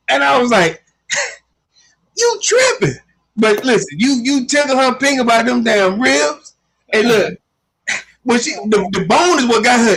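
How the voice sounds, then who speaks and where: High, husky man telling a story. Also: poor audio. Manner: animated storyteller, laughs often. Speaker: co-host. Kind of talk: casual podcast chat.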